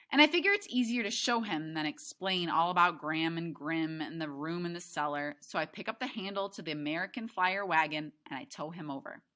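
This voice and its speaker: Woman teacher, read-aloud to class, bright lowish voice, chatty asides. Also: a little fast, hardly any pauses. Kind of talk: reading a novel aloud to a class.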